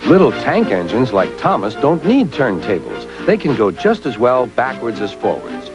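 Man reading a kids' storybook, lively up-and-down voice, mid pitch. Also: moderate pace, dull audio, over music. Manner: expressive, gentle. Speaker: storyteller on a children's show. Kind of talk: storybook narration.

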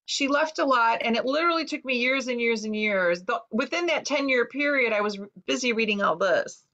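A woman's voice: fairly high pitch, brisk, sharp tone. A woman author telling a personal story in an interview, earnest and full of fillers as she quotes what people said to her. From United States. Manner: earnest, recounting with quoted dialogue and many fillers. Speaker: author guest. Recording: dull lo-fi recording.

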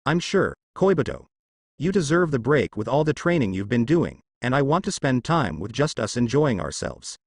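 Man reading a gentle, loving young woman. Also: medium pitch, sing-song, moderate pace, gravelly, breathy edge, dry recording, clean studio sound, full character voice. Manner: soft, affectionate.

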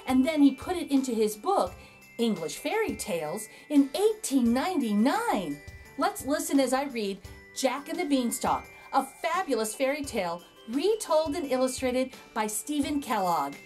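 A woman reads a children's fairy tale aloud, her voice sitting high and bouncing through a wide melodic range. She tells the story with lively expression, in the manner of a friendly storyteller. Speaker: children's book reader. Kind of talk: reading a picture book aloud.

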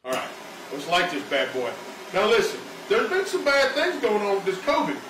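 A man's voice: high-pitched, wildly swooping pitch, normal speed, reverberant, recorded from a distance, noisy background. A man doing a rambling, self-mocking comedy monologue at home in his living room. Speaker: stand-up comedian.

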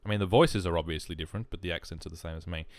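A man's voice: sits low, very fast, no echo, studio quality. A man with an Australian accent rambling in casual, jokey, self-mocking commentary over a video game. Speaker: gaming YouTuber. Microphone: headphones and desk mic.

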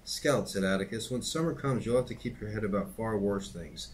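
A man voicing a calm, stern lawyer father. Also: on the low side, slight background noise, natural voice. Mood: gentle. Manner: measured and stern, gently admonishing. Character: calm, grave middle-aged male small-town lawyer father.

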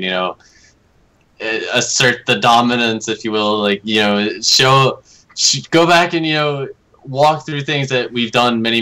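A man's voice: fairly low pitch, pushed and bright, poor audio. A man with a Southern US accent on a gaming podcast, talking with lots of you-knows. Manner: filler-heavy, says you know a lot. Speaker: podcast co-host. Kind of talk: casual chat.

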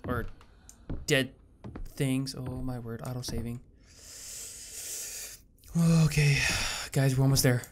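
A man's voice: medium pitch, flat delivery, slow, long pauses, slight background noise. A man playing a horror game and talking to his viewers, nervous and jumpy, swearing and muttering to himself, with faint keyboard clicks. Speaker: gaming channel host. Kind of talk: horror game let's play commentary.

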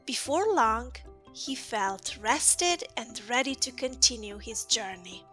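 Slow, bright-voiced woman telling a bedtime story. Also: a little high, faint music behind. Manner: calm, soothing. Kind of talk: bedtime story read-aloud.

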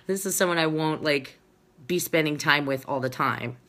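A woman in her thirties talks to her followers in a loose, rambling way. Her voice sits low for a woman. She chats like a fitness coach giving a pep talk. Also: moderate pace, fairly bright tone. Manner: chatty, rambling, reads viewer comments aloud. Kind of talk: casual chat to followers, live-streamed.

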